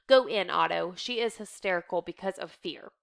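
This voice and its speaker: A woman voicing a gentle, hurt middle-aged mother in a soft, tender read. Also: lowish voice, normal speed, gravelly, clean tone.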